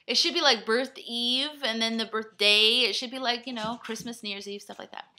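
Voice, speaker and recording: A young woman talking straight to camera in a rambling personal vlog. Her voice is bright and forward, and her speech comes in scattered, self-deprecating bursts. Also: on the high side, brisk, few pauses. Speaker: vlogger. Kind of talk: rambling personal video blog.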